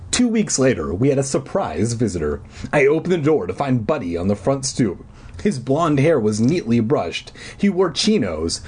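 A man's voice: mid-range voice, darkish tone, slightly rough. A man reading a children's horror book aloud and then chatting in a crude, sarcastic, rambling way. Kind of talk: storybook reading and casual chat.

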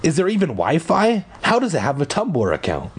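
A young man reads a children's book aloud for laughs, breaking off for deadpan, sarcastic comments. His voice is slightly husky and moves around a lot in pitch. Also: moderate pace. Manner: deadpan, sarcastic asides, swearing. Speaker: comedic reader. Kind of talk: mocking dramatic reading of a children's book.

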